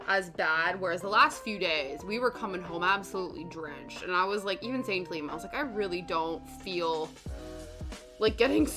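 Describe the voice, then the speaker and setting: Chatty young woman with music behind. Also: fairly low pitch. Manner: chatty and rambling, reads chat aloud. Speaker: streamer. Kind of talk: casual chat while cross stitching. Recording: background music under voice.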